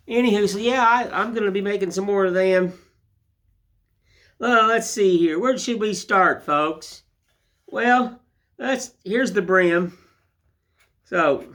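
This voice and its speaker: A man's voice: high voice, fairly bright tone. An older man hosting a woodcarving channel, chatting in a rambling, folksy way while he shows his work. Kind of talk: casual tutorial chat.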